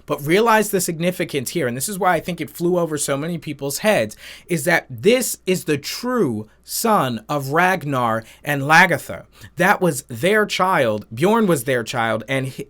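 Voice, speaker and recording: A man hosting a reaction channel, recapping and giving his opinions on a TV episode in casual, animated chat. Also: fairly high pitch.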